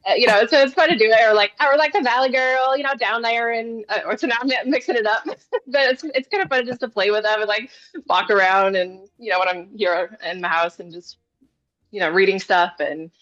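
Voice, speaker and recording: A woman's voice: a little high, brisk, a bit bright, dry recording, highs cut off. Giggly young woman from California on a call. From California, USA. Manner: chatty, giggly, lots of "like". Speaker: voice actress guest. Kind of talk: casual interview chat. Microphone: video call.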